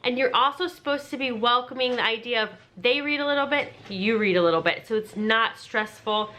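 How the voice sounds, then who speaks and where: A woman who homeschools her children, talking through reading books in a relaxed, chatty way. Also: on the high side, brisk. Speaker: homeschooling parent. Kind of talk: casual explanatory vlog.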